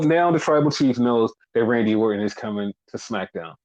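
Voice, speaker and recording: A man casually recapping a wrestling show, talking in an animated, profane way. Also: fairly quick, hardly any pauses, poor audio. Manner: animated, profane, acts out quotes in high voices. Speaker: podcast co-host.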